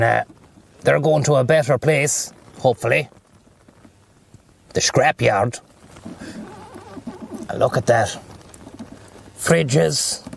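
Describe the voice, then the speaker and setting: An Irish man livestreams from his car, chatting casually and with plenty of profanity as he rambles from one thought to the next while driving. His voice is medium-pitched with vocal fry.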